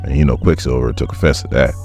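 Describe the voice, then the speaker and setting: A man's voice: very deep voice, quick pace, vocal fry, a little mellow, faint music behind. A man hosting a casual comic book recap vlog, chatty and jokey, acting out the characters' lines as he goes. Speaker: comic book reviewer and channel host.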